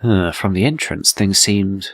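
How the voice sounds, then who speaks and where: A man voicing an earnest young male defense lawyer in a slightly lowered tone. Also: a little slow, a bit bright, slight background noise. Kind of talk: let's play voice acting.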